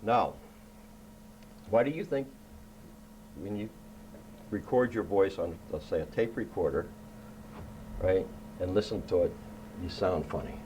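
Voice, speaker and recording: A man's voice: deep voice, lively intonation, unhurried, pauses often, mellow, a little hiss or hum, low-quality recording. A man hosting a science show, explaining things to children in a casual, playful way and checking in with "right?" again and again. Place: indoor room.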